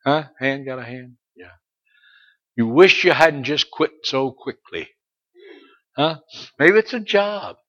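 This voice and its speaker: A middle-aged man preaching a sermon as pastor, dropping to soft asides and rising to loud, slow exhortations, and calling out to listeners by name. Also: medium pitch, expressive, highs cut off.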